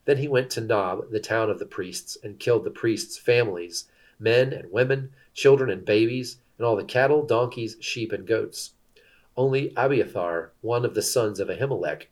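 A man reading scripture aloud as scripted narration, steady and measured. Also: fairly low pitch. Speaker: scripture reader.

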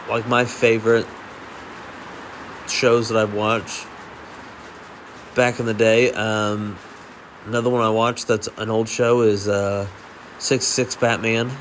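A man's voice: on the low side, a little hiss or hum. A young adult man giving casual movie reaction commentary, rambling with lots of fillers and swearing. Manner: rambling, profane, full of fillers. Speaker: movie reviewer.

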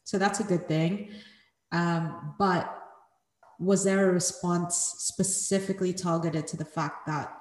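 Casting note: woman podcast co-host with a lowish voice, thoughtful casual chat, roomy reverberant sound. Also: steady tone, measured pace, a little mellow.

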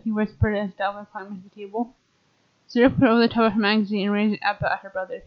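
A woman's voice: medium pitch, fairly even intonation, fast. Woman reading a children's story, stumbling. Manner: stumbling, self-correcting. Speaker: podcast host reading a children's book. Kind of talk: storybook read-aloud. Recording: dull lo-fi recording.

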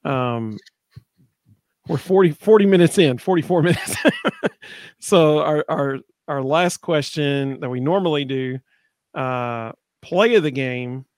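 A man's voice: fairly high pitch, slow pace, darkish tone, dry recording, studio quality. A man hosting a sports podcast in casual chat, upbeat and reading viewer comments aloud. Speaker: podcast host.

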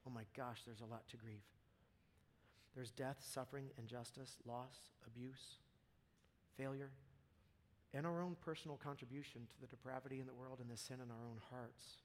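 A man preaching a casual, impassioned sermon to a church audience, dropping to near-whispers and then rising to loud, fervent peaks. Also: mid-range voice, steady tone, normal speed, slight background noise. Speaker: pastor.

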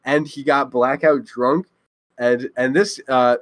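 A man's voice: medium pitch, steady tone, slow, fairly bright tone, dry recording. A young man hosting a casual podcast chat, laughing often and swearing freely. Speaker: podcast host.

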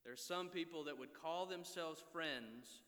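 A man in his thirties delivers an earnest sermon in a bright, slightly high voice. He exhorts and keeps asking his listeners "right?". A long reverb from a big hall hangs on every phrase. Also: measured pace. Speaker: preacher.

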